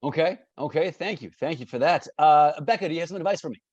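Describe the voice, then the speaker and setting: A man's voice: fairly high pitch, fast, a little mellow, dry recording, lo-fi sound. A man running an improv game for a group, begging them for advice as an overdramatic person with an odd problem. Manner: pleading, playing an overdramatic advice-seeker. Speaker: improv instructor.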